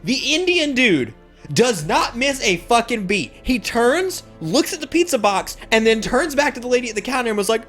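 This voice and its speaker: A man's voice: sits high, fairly quick, soft background music. A man telling a rambling anecdote to his viewers, swearing casually and with lots of fillers. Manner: rambling, swearing, animated storytelling. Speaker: streamer telling a story.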